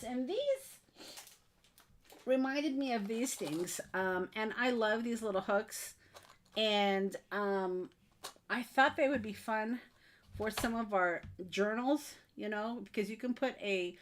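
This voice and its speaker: A woman chats with her viewers during a live craft stream. She talks in a friendly, rambling way, full of ums and little asides, from her craft desk at home. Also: a little high. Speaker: craft livestream host. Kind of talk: casual live-stream chat.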